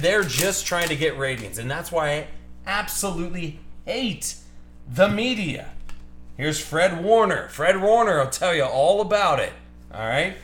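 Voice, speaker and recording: A man's voice: high-pitched, a bit bright, slight background noise. A man hosting a live card break stream, ranting heatedly about sports media between card calls. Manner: ranting, heated, fast-shifting. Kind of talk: live stream chat while opening cards. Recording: echoey room with music behind.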